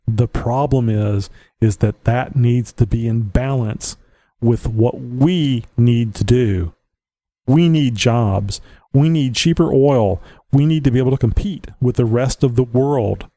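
Dark-voiced Southern man podcasting. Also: mid-range voice, slow pace, no echo. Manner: opinionated, blunt, chuckles to himself. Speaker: podcast host. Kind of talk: casual rambling monologue. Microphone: home podcast mic.

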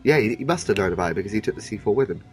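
A man with a lowish voice chats casually about a TV show. He talks animatedly, jumping into quick impressions of characters, with faint music playing behind him. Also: expressive.

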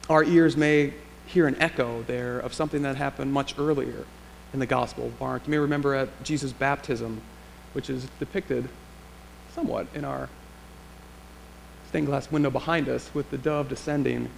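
A man's voice: mid-range voice, fairly even intonation, normal speed, gravelly. A male pastor preaching a sermon in a church sanctuary, in a reflective, conversational way with rhetorical questions. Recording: long church reverb, faint hum.

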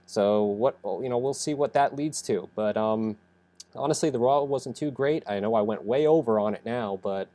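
A man's voice: mid-range voice, normal speed, dark tone. A young man who says he is sick, rambling through a casual podcast recap with many fillers and self-corrections. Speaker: podcast host reviewing wrestling.

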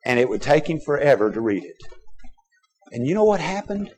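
A middle-aged man from Texas, preaching a sermon as pastor, swinging between loud urging and quiet, low asides. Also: animated, moderate pace, pauses often, slightly rough. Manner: emphatic preaching with sudden loud and soft swings.

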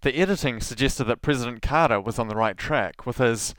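A man's voice: mid-range voice, a little fast, hardly any pauses, a bit bright, smooth, dry recording. A man hosting a podcast, reading a scripted solo monologue full of sarcastic, mocking asides. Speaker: podcast host.

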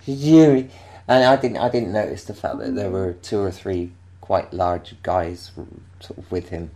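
A man from England with a very low, gravelly voice tells a long, meandering story. He keeps stopping and restarting his sentences and breaks into laughter as he talks. His speech is loose and relaxed, like casual chat. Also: a little slow, a little hiss or hum. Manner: rambling, self-interrupting, laughing storyteller. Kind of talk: casual anecdote.

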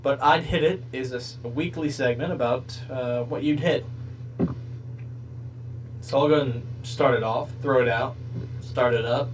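A man's voice: mid-range voice, a little slow, long pauses, far from the mic, a little hiss or hum, low-quality recording. A man hosting a podcast, rambling through crude comedic bits in casual chat. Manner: jokey, rambling, crude humor. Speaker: podcast host.

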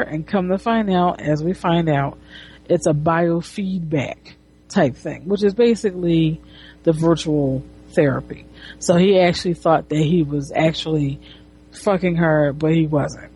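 A woman's voice: low-pitched, measured pace, mellow, slightly rough. A woman casually retelling a comic book, rambling with restarts and swearing. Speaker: comic reviewer.

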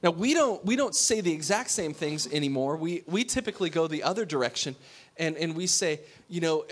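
Frank, high-voiced male preacher. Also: animated, a little fast. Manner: frank, informal, with many restarts. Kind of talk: conversational sermon. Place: room with a small congregation.

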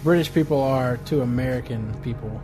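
A man's voice: mid-range voice, fairly quick, over music. A man co-hosting a casual podcast, joking and crude. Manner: joking, crude, wraps up the show. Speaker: podcast co-host. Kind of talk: casual chat.

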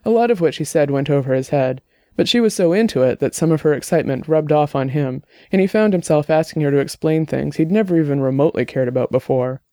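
A man's voice: on the high side, quick pace, dark tone, dry recording, clean studio sound. A man narrating a novel in a podcast, reading steadily and evenly. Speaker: audiobook narrator.

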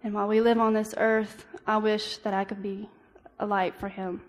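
A young woman shares a personal testimony in an earnest, halting way, full of ums and restarts. Her voice stays fairly level, with little rise and fall. Her words ring on in a hall with a long reverb. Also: medium pitch, level tone. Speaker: speaker giving a church devotional.

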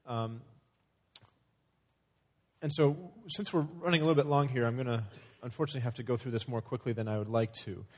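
A man in a middle voice leading a church class on marriage. He speaks in a measured way, now and then pausing on a filler. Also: mid-range voice, fairly even intonation.

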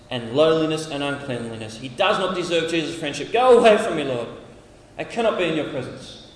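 An Australian man preaching at a camp, lively and dramatic, acting out lines from scripture. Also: fairly high pitch. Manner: animated, acts out voices from scripture passages. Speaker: camp speaker. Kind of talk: sermon. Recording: echoey hall, heard from a distance.

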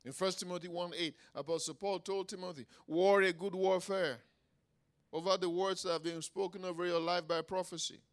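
A man preaching a sermon emphatically, swinging between quiet asides and loud exclamations and checking in with his listeners. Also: high voice, fairly even intonation, fast talker, few pauses. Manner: engages the audience with "Huh?" and "Is anybody getting anything?".

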